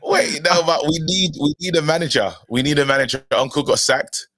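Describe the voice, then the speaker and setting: A man co-hosting a live football stream in casual chat, excitable and laughing a lot. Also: on the high side, fairly quick, no room sound. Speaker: co-host.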